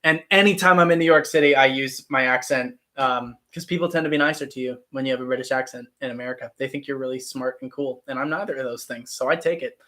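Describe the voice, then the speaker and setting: A man's voice: mid-range voice, fast, few pauses, bright, forceful tone. A man in his twenties, an actor and channel host, chatting casually on a live stream and answering viewer comments. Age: 20s.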